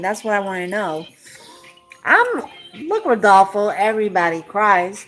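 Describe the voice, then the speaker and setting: A woman's voice: mid-range voice, animated, a little slow, a bit bright, slight background noise. A woman chatting casually on a live stream, talking straight to a viewer and asking the same questions again and again in a rambling, emotional way.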